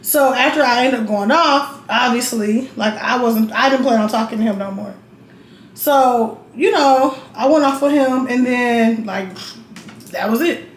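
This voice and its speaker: Young woman spilling dating tea, cussing, kinda high voice, echoey room. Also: measured pace. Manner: blunt, profane, chatty, keeps checking in with the viewer. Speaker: vlogger. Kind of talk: casual storytelling while getting ready. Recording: roomy echo with faint noise.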